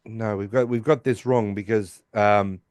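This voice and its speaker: A man's voice: steady tone, a little slow, a little mellow, clear, resonant tone, dry recording. A man co-hosting a podcast, casually recapping an episode and acting out the characters' lines in raised voices. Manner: acts out quoted lines in higher voices. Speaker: podcast co-host.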